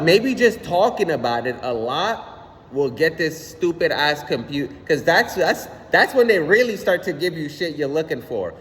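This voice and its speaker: A young man ranting casually on his own channel, animated and slangy, swearing often and repeating "son". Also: on the high side, in a large hall. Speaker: vlogger. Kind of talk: casual rant.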